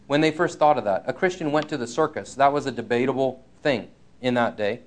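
A man's voice: medium pitch, a little fast. A middle-aged man from Canada preaching a sermon in an earnest, urgent way, repeating his key phrases.

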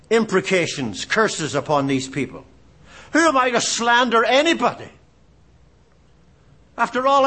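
A man's voice: high voice, a bit bright. A man from Canada preaching a sermon, impassioned, asking rhetorical questions and repeating phrases for emphasis.

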